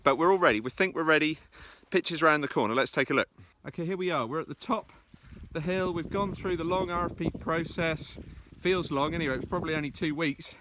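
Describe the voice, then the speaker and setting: Male presentation coach, walking vlog outdoors, fairly high and bright tone, chatty, pokes fun at himself. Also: fast, few pauses. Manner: chatty and self-deprecating, with frequent "uh" fillers. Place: outdoors in the countryside.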